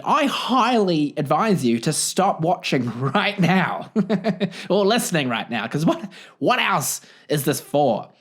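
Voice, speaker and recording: A young man with a New Zealand accent hosts a solo comedic podcast, his voice leaping up and down with lively, animated intonation. He is expressive and quick to poke fun at himself. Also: sits high. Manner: expressive, animated, self-deprecating. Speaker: podcast host.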